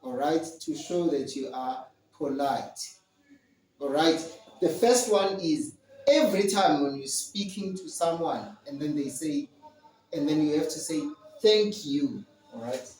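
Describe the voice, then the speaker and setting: A man teaching an online English lesson to young children, speaking slowly and repeating phrases with frequent "all right" checks. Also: a little high, a little mellow, reverberant, distant mic, a little hiss or hum, low-quality recording. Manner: slow, repetitive drilling, frequent "all right".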